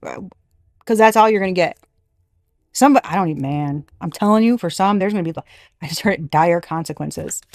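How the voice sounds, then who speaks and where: A woman giving a casual tarot reading, blunt and animated, swearing freely. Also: lowish voice, fairly quick, no echo. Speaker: tarot reader.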